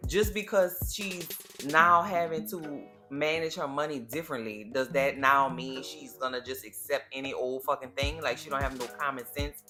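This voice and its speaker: A woman recaps a TV episode in a sassy, blunt, slang-filled chat. Her voice is bright and forceful, and faint music plays underneath. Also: a bass voice, steady tone, normal speed. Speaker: TV recap vlogger.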